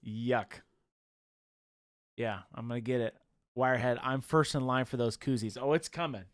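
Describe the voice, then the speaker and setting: A man's voice: medium pitch, steady tone, moderate pace, smooth, no room sound, studio quality. A man co-hosting a casual livestream, chatting playfully, laughing often and slipping into silly voices. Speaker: livestream co-host.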